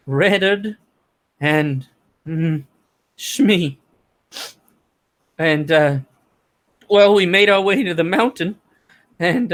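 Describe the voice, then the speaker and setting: A man's voice: fairly high pitch, fairly bright tone, voice pushed up. A man voicing a frightened, shaken male survivor who stammers and repeats words, trembling near tears.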